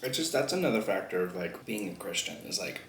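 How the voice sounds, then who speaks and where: A man's voice: lowish voice, very animated, fast talker, fairly bright tone. A young man vlogging a mukbang, chatting loosely between bites, swearing and laughing often. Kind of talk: casual chat while eating. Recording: echoey room, faint background noise.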